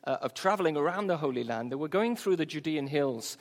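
High-voiced preacher in an echoing hall. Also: male voice, animated, fairly quick. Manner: emphatic, stresses key words, reads scripture aloud. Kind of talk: sermon. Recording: long reverb of a large hall.

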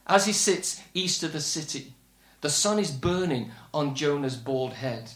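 An older man preaching a sermon with earnest, measured emphasis. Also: a little high, lively intonation, fairly bright tone, echoey room.

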